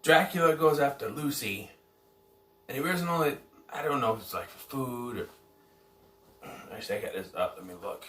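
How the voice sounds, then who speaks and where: A man casually reviewing a film, rambling and correcting himself as he goes. His voice is bright and forward. He sounds set back from the mic in an echoey room. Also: mid-range voice, expressive, normal speed, pauses often, far from the mic, slight background noise. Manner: rambling, self-correcting, unsure of details. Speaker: movie reviewer.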